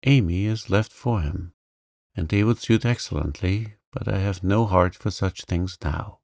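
A man's voice: low-pitched, measured pace, gravelly, a little mellow, dry recording, studio quality. A man voicing a passionate, headstrong young woman who speaks earnestly and pleadingly to her sister.

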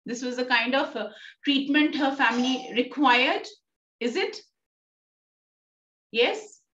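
Woman teacher with an Indian English accent, fairly high voice, coaxing, heard far from the mic in a roomy space. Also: takes it slowly, a bit bright. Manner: coaxing, checks with "right?" often. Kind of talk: classroom lesson explaining a play. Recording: distant, roomy, dull sound.

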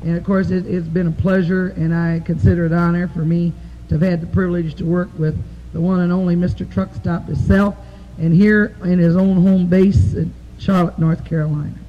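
A woman's voice: fairly low pitch, little pitch movement, moderate pace, muffled recording. A woman telling crude, folksy jokes in a drawl on a live stand-up stage, full of "you know". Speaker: stand-up comedian. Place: live club stage before an audience. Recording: old tape recording, faint hiss.

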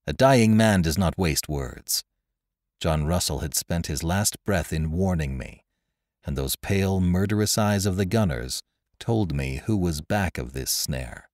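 A man narrating an adventure story aloud in a dramatic, expressive first-person telling. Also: sits low, dry recording, clean studio sound. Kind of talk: scripted audiobook narration.

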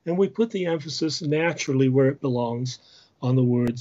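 A man's voice: medium pitch, normal speed, mellow. Man lecturing on chant, dull lo-fi sound. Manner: explains patiently, sings short chant phrases. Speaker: music lecturer. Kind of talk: lecture with sung chant examples.

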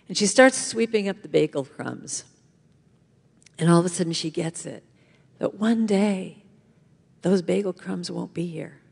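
A woman's voice: on the low side, vocal fry, husky. Woman giving an uplifting church talk. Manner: animated storytelling with call-and-response. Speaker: guest speaker. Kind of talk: inspirational talk to a congregation. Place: church sanctuary. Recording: long hall reverb.

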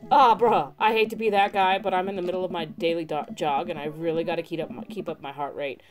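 A woman's voice: fairly low pitch, fairly even intonation, fast, a crowd in the background, natural voice. A woman voicing a laid-back male surfer-dude bro, a young father, with a drawling, slangy way of talking in a game let's play. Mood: breezy.

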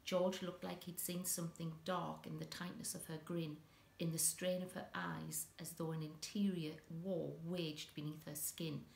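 A woman reading a children's story aloud with an expressive, dramatic delivery, in an echoey room. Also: low voice, unhurried, vocal fry, slight background noise.

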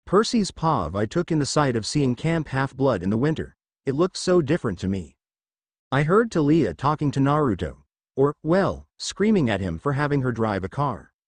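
Man narrating fan fiction, lively voice. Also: medium pitch, moderate pace, no room sound.

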